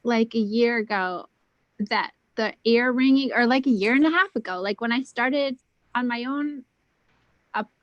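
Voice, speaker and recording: A woman chatting as a guest on a video call, rambling with lots of "like" and "um" and at times dropping her voice to a hush. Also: fairly high pitch, a little slow, dry recording, highs cut off. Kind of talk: casual video call chat.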